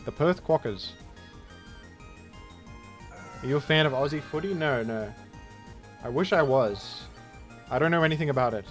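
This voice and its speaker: A man gives casual commentary while he plays a game, and he drifts into rambling, self-mocking anecdotes. His voice sits at an ordinary middle pitch. Soft background music plays under his talk. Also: brisk. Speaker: gaming streamer. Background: faint background music.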